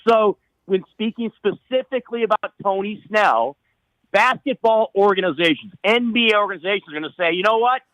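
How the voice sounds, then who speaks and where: Man, high voice, radio host, insistent, halting, dry close sound. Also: a bit bright, no echo, highs cut off. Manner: insistent, halting, repeats words. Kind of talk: sports radio debate.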